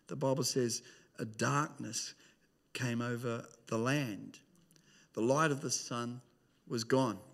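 A man preaching a sermon, dropping to hushed tones and rising to shouts. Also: medium pitch, creaky. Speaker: pastor.

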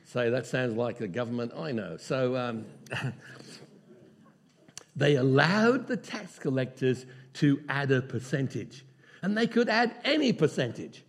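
A man's voice: mid-range voice, unhurried. A man preaching a sermon, telling a Bible story with acted-out voices and frequent chuckles. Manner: animated, acts out voices of the story, chuckles often.

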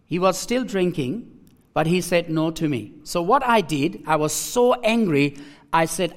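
A man preaching a personal testimony, emotional and halting, repeating his phrases and restarting as he speaks. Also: fairly high pitch, lively intonation.

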